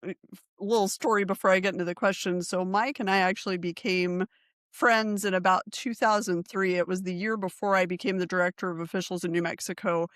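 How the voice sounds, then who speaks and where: A woman's voice: fairly low pitch, fairly even intonation, fairly quick, fairly bright tone, dry recording, studio quality. Chatty woman podcast host. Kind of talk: conversational interview.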